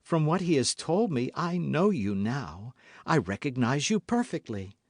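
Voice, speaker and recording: A man voicing a scheming noblewoman who speaks in a smooth, guarded, falsely warm way. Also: mid-range voice, sing-song, unhurried, no echo, studio quality, pitched above the performer's own voice. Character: scheming noblewoman, cold, cunning, falsely sweet.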